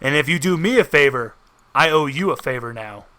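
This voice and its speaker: A man voicing a calm, scheming male god with four arms and three faces, speaking in a measured, bargaining way. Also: a little high, voice pushed down.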